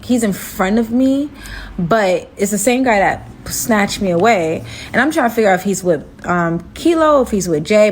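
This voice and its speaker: A woman recounting a wild date in a relaxed storytime manner. Her delivery is animated and dramatic, leaping upward when she acts out her own reactions. A faint hiss sits under the voice. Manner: animated, dramatic, jumps high when quoting herself. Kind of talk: casual storytime.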